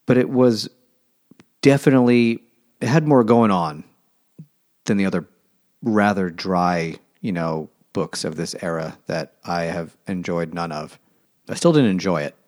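A man's voice: sits low, a little slow, darkish tone. A man in casual book talk, rambling and sarcastic, mocking characters as he goes. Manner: rambling, sarcastic, mocks characters in silly voices.

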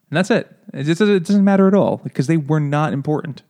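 Man joking through a lively book chat. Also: fairly high pitch, normal speed. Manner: joking, animated retelling with mock quotes. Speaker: podcast co-host. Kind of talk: casual book club chat.

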